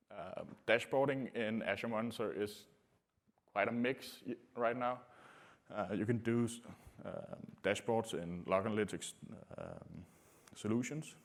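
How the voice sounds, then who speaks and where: A man giving a technical conference talk to a room, speaking in a halting way with many filler sounds. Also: on the low side. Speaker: conference presenter.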